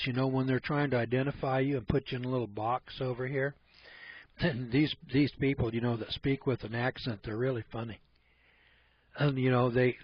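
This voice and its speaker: A man hosting a radio talk show, with a husky, slightly rough voice at an ordinary middle pitch. He talks in a blunt, folksy, rambling way. The recording is dull and lo-fi, like an old radio broadcast. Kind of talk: casual radio commentary.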